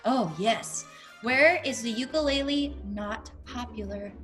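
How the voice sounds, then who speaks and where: A woman's voice: fairly high pitch, slow pace, a bit bright, faint music behind. A young woman hosting a casual quiz, playful and encouraging, cheering her guest on like a hype girl. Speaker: host.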